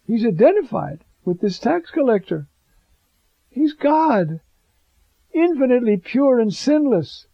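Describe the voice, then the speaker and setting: Priest guy preaching, raspy fry in his voice, dull lo-fi sound, dry, really into it. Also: high-pitched, slow, pauses often, no echo. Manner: fervent, animated preaching with chuckles. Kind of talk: sermon.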